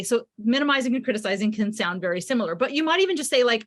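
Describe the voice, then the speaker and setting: A woman's voice: on the high side, animated, quick pace, few pauses, a bit bright. A middle-aged woman, a parenting author, explaining ideas in a podcast interview and acting out what parents say. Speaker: parenting author and psychotherapist guest.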